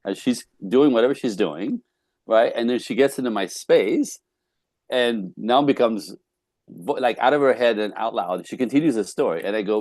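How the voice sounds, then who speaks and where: A man's voice: medium pitch, expressive, normal speed, darkish tone, no echo. A man talking casually about relationships as a guest, laughing often and acting out quoted dialogue.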